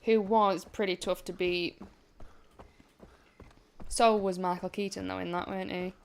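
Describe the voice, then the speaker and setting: A woman's voice: mid-range voice, steady tone, a little slow, vocal fry, slight background noise. A woman with a Derbyshire-Yorkshire border accent, chatting casually and self-mockingly while streaming a game, swearing now and then. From Chesterfield, England. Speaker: gaming streamer. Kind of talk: casual let's-play chat. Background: game music.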